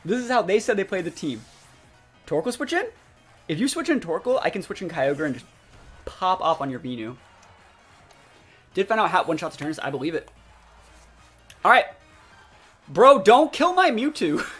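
Young male streamer, lively swooping voice, husky edge, game music under, excitable live commentary. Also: fairly high pitch, moderate pace, long pauses. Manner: excitable, talks to chat, sudden loud outbursts. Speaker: gaming streamer. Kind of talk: live commentary over gameplay. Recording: faint music behind voice.

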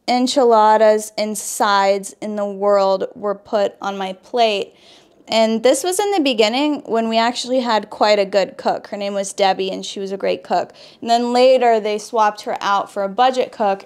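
A woman's voice: mid-range voice, a little slow, darkish tone, clear, resonant tone. A young woman from Wisconsin telling a personal story in a casual vlog while doing her makeup, full of "like" fillers and restarts. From Wisconsin, USA. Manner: chatty, lots of "like" fillers and restarts. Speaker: beauty vlogger.

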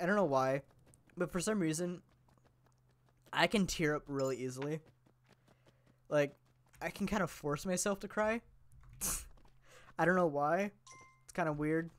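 A gameplay commentator chatting casually and playfully to viewers, rambling, giggling often and joking about themself. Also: medium pitch.

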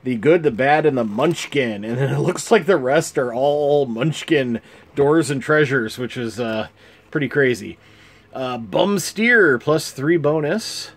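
Slow-talking man reviewing cards. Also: mid-range voice, expressive, slightly rough. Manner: amused, chuckling, unhurried. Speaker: channel host. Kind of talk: casual card game review.

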